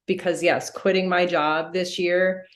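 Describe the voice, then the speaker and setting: A woman's voice: on the low side, little pitch movement, unhurried. A woman in her forties, a death doula talking in a podcast interview, speaking earnestly and reflectively. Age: 40s. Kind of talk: candid podcast conversation.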